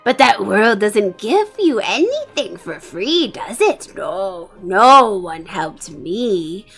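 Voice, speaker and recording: A woman voicing a scheming male Gollum-like bishop, who preaches a sermon in a drawn-out, hissing, wheedling way. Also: mid-range voice, very animated, creaky, fairly bright tone, slightly rough, exaggerated voice. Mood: preaching. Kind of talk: fire-and-brimstone sermon role-play.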